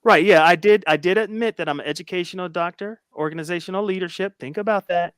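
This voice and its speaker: A man casually recounting an argument on a livestream, emphatic and animated as he retells it. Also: high voice, quick pace, smooth, dry recording, clean studio sound. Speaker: YouTube commentator.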